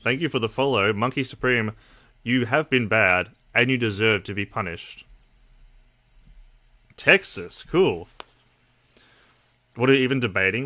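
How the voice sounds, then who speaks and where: An Australian man hosting a livestream, talking casually and bluntly to his chat. His voice is bright and forward, with a middling pitch and plenty of swearing. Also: unhurried, long pauses. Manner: blunt, profane, talks to chat. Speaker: livestream host.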